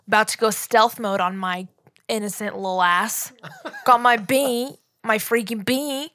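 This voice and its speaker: A woman's voice: on the high side, a bit bright, dry recording, clean studio sound. A young woman co-hosting a casual podcast, telling a story about herself in a self-mocking, giggly way. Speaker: podcast co-host. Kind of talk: casual chat.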